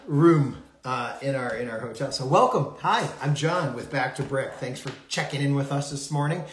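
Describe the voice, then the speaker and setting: A man's voice: mid-range voice, roomy sound. A man hosting a casual early-morning live stream, rambling and laughing often from a far-off room in a hotel. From United States. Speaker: podcast host.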